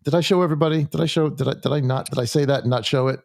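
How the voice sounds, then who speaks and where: A man leading a conversational Bible study in a church, halting and full of restarts as he reads scripture aloud. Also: fairly high pitch, steady tone, vocal fry, darkish tone, no echo, studio quality. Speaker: Bible teacher.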